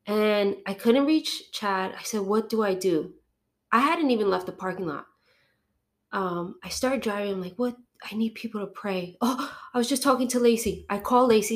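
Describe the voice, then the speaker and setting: This middle-aged woman has a medium-pitched voice and talks at a moderate pace. Guesting on a podcast, she offers a heartfelt personal testimony, playing out her phone conversations while allergies make her sniffle occasionally.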